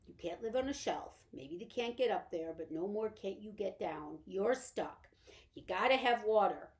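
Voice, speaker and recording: A woman voicing a tiny, weary father who speaks flatly in rustic grammar. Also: mid-range voice, normal speed, close to an everyday voice. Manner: flat, tired, rustic grammar. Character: weary steady tiny father borrower man.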